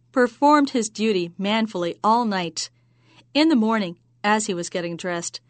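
A woman telling a joke as a story in an even, measured way. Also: medium pitch, dry recording.

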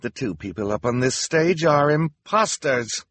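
A sharp, impatient villainess sneers down at everyone, her voice pitched high and pushed loud. A man reads her in an audiobook, with a husky grain and a dry, close sound. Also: animated, measured pace, dry recording. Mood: haughty. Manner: snarling, impatient, theatrical. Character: haughty scheming villainess, sharp and cruel.

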